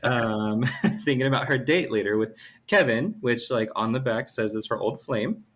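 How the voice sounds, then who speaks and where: A man with a medium-pitched voice recaps a story on a casual podcast. He talks loosely, full of fillers and hedges, with no rush. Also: moderate pace. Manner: relaxed, hedging with lots of fillers. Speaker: podcast co-host.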